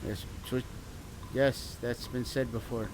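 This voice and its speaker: A man playing a tabletop game, talking in a dry, low-key way. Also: level tone, slow pace. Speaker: player. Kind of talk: casual game chat. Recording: noisy voice chat line.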